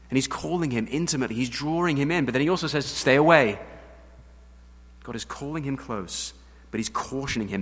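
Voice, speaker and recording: An English pastor preaches with earnest conviction, dropping to near whispers and then building to loud, emphatic lines. His voice sits in an ordinary middle register for a man. The sound carries a long reverb, like a church hall. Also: mid-range voice. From England. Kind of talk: sermon.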